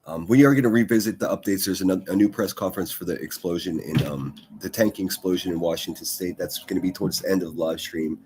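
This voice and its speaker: A man's voice: deep voice, quick pace, few pauses, a little mellow, a little hiss or hum. A man hosting a daily news livestream, chatting casually and rambling through the stories with repeated words and the odd swear. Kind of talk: casual commentary over news clips.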